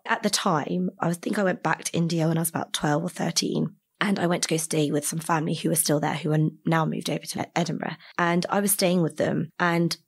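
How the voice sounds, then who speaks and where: A woman from Britain, a podcast guest, telling a story in a chatty, animated way with many "like" fillers. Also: sits low, brisk, gravelly, hardly any pauses, slightly rough. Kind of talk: casual storytelling interview.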